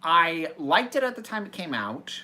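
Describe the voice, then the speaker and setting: A man's voice: a little high, sing-song, normal speed, sharp tone. A man hosting a casual Q&A, reading out viewer questions from a small office and answering them in a chatty, hesitant way with restarts. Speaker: host.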